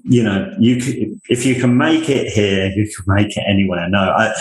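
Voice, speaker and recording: Speaking at a moderate pace with a fairly low pitch, this university leader from England, a middle-aged man with a Northamptonshire accent, wanders through self-deprecating anecdotes in a conversational interview. The room echoes, there's slight background noise, and the recording is rough.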